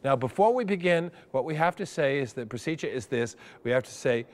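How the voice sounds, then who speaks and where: A middle-aged man performing a wry, animated storytelling monologue, over a steady hum. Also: medium pitch, fairly quick. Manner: animated, wry, increasingly breathless. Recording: hum and noise under voice.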